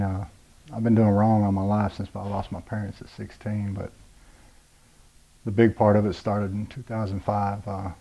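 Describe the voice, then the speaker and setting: Blunt forties man giving personal testimony, low, dark voice, level and unshowy. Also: low-quality recording. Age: 40s. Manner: plain-spoken, blunt, many "uh" and "you know". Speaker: rehab program graduate telling his story.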